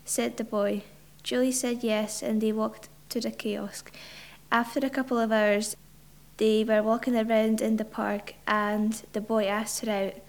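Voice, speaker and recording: A woman's voice: a little high, little pitch movement, measured pace. A woman reading a short story aloud, hesitant, with ums and repeated words. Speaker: story reader.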